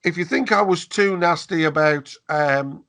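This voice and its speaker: A man's voice: a little high, unhurried, a bit bright. A man co-hosting a podcast in casual chat, jokey and chatty, with frequent restarts. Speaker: podcast co-host.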